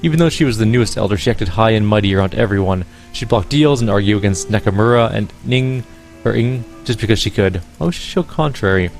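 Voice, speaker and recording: Male gamer doing a cynical, world-weary porter; plain, low and blunt. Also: quick pace, soft background music, lightly acted. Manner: blunt, dismissive.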